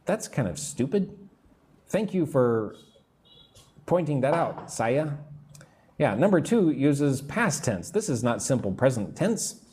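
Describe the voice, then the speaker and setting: A man's voice: mid-range voice, sing-song, darkish tone. A man teaching English in a live online lesson, explaining grammar step by step and answering viewer comments. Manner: drawn-out, patient teacher delivery.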